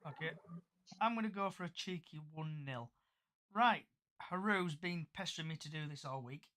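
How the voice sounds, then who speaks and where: Podcast host running the prediction round, teasing tone, mid pitch. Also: moderate pace, sharp tone. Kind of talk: casual chat.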